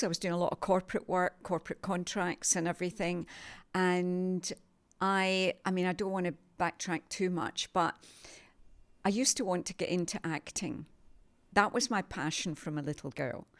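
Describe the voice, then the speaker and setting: An older woman from England chatting as an interview guest, telling her story in a lively, self-mocking way and laughing often. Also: fairly low pitch, moderate pace. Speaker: guest, TV sales presenter. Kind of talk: casual interview chat.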